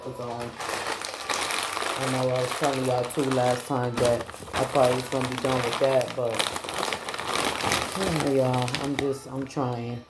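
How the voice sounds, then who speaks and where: A tired young woman, chatting casually and rambling to her viewers, with lots of fillers. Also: very deep voice. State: tired, yawning. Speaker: vlogger, mom. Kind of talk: casual chat. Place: home kitchen. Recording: echoey room with background noise.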